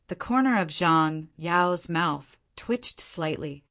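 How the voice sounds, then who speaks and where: A woman narrating a fantasy audiobook in a steady, even reading voice. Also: lowish voice, slow. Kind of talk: scripted narration.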